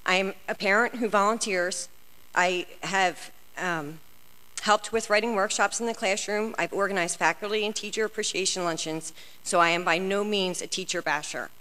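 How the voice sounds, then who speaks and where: A woman's voice: mid-range voice, normal speed, bright, forceful tone. Earnest woman pleading in a reverberant hall. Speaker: public commenter. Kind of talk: prepared public comment at a school board meeting. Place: large meeting hall.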